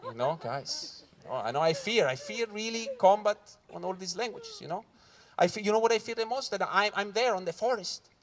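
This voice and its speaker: A man with a Swiss Italian accent doing stand-up comedy, who swears and acts out voices with loud punchlines. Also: sits high, lively intonation, brisk, few pauses. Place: corporate event room with live audience. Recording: live crowd audible. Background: audience laughing.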